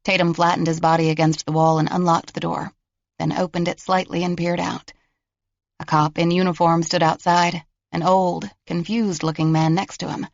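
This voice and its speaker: A man narrating a mystery thriller audiobook in a steady, even storytelling way. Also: a little high, moderate pace, creaky, dry recording, muffled recording. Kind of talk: scripted narration.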